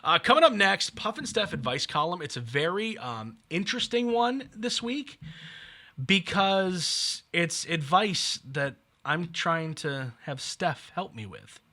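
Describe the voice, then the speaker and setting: A man's voice: high-pitched, very animated, measured pace, sharp tone. A man co-hosting a podcast, telling stories in casual chat with wry asides. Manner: chatty storyteller, wry asides. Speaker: podcast co-host.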